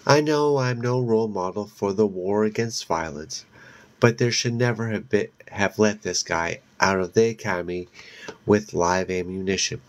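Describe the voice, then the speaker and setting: A man reading a first-person horror story aloud in a slow, deliberate way. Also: lowish voice. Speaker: audiobook reader.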